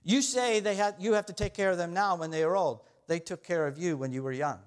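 A man's voice: high-pitched, fairly quick. A middle-aged man preaching a sermon as pastor, conversational and self-deprecating, often laughing at his own stories.

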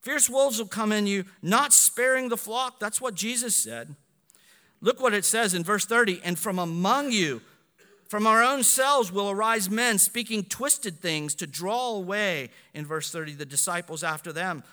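A man, a pastor, preaching a sermon with animated delivery, swinging between loud and hushed passages. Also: high voice, unhurried, big-room sound.

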